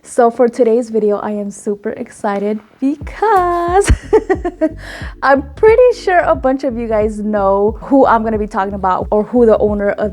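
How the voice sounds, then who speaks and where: A young woman hosting a lash-extension vlog, gushing and giggling with excitement as she unboxes products. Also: fairly high pitch, slight background noise. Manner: bubbly, gushing, giggly, exclamatory.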